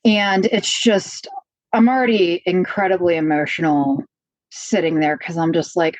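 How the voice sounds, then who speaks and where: Woman with a low voice, frank storytelling. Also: a little slow, no room sound. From Pennsylvania. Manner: frank, animated retelling, many fillers. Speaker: podcast guest. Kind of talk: candid personal storytelling. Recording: slightly dull, dry lo-fi audio.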